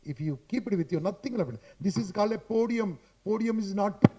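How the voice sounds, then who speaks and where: Indian english guy coaching a crowd on public speaking, high-pitched but mellow, keeps saying boss. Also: lively intonation, fast, slightly rough. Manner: emphatic and repetitive, ends points with "boss"; chatty, addresses listeners directly. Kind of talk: motivational talk to a live audience. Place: hotel conference hall.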